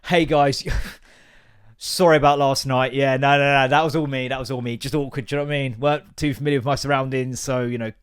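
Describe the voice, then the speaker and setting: A man's voice: medium pitch, fairly even intonation, brisk, clean tone, lightly acted. A man voicing a newborn baby girl who apologizes breezily like a grown-up. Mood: breezy.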